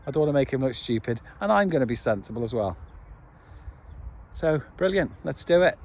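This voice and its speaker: A man's voice: medium pitch, animated, brisk, a little mellow. A man chatting cheerfully and jokily while filming his camp outdoors on a phone. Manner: chatty, jokey, enthusiastic. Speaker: camping vlogger. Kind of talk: casual vlog chat. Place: outdoors at a back-garden camp. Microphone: phone camera.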